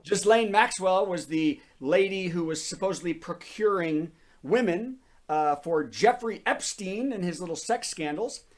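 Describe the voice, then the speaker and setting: A man's voice: high-pitched, unhurried, hardly any pauses. A man hosting a comedy show over a video call, telling topical jokes and laughing at his own bits.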